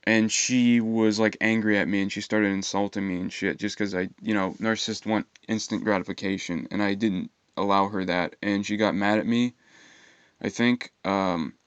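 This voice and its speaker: Aggrieved young man, smooth low voice. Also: steady tone, no room sound, highs cut off. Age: young adult. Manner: aggrieved, profane, halting with fillers. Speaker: vlogger. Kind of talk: rambling personal storytime monologue.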